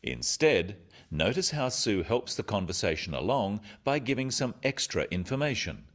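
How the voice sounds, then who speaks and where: Casting: deep-voiced male narrator, highly animated intonation, clear and instructive, scripted lesson narration. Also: normal speed.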